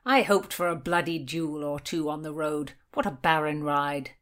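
A woman voicing a brash, boastful young Elizabethan gallant in a storybook reading, gruff and loud. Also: low voice, steady tone, moderate pace, natural voice. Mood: swaggering.

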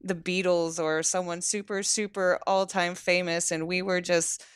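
A woman co-hosting a podcast, animated and prone to giggling as she tells a story. Her voice is smooth and clear, recorded close and dry. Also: fairly low pitch, unhurried, dry recording. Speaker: podcast co-host and teacher. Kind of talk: casual podcast chat.

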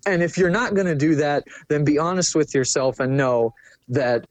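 A man's voice: fairly high pitch, moderate pace, dry recording. Casual profane young man, dry sound. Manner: casual, profane, filler-heavy. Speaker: guest. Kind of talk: candid personal storytelling.

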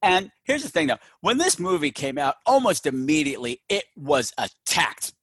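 A man hosting a casual movie review chat, animated, jokey and profane. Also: a little high, normal speed, slightly rough, dry recording. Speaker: podcast host.

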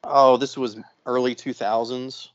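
A co-host with a medium-pitched voice, talking a little slowly, tells a long story on a casual podcast, peppering it with swearing and acting out the other people. He's an animated, profane storyteller, captured in lo-fi sound with no room sound.

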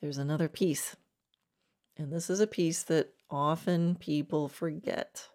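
A woman's voice: sits low, steady tone, measured pace, darkish tone. A woman horsemanship coach hosting a podcast, giving an encouraging, conversational teaching monologue and laughing often.

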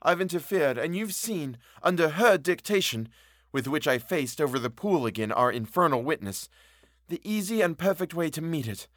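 A man's voice: fairly high pitch, expressive, normal speed, fairly bright tone, no room sound, clean studio sound. A man voicing a distraught young governess. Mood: resigned. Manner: urgent, pleading.

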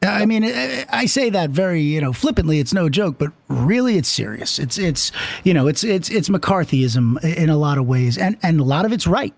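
A man co-hosting a podcast in casual chat, animated and quick to jump in. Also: fairly high pitch, gravelly, no room sound. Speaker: podcast co-host.

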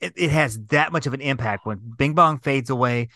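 Podcast guy rambling happily about movies, lots of ums, bright voice, dry close sound. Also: mid-range voice, fairly quick, no room sound. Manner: enthusiastic, rambling with fillers. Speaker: podcast co-host. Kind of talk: casual chat.

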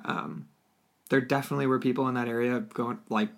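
Brief: woman co-host with an unusually deep voice, easygoing and hesitant. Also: steady tone, fairly quick. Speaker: podcast co-host. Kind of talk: casual chat.

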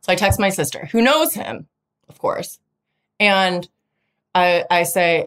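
Here the same kind of podcast host, a woman in her thirties, sounds fairly low and a bit bright, animated yet slow, with long pauses. Her dating story is casual and chatty, and she frequently voices other people's lines at a higher pitch.

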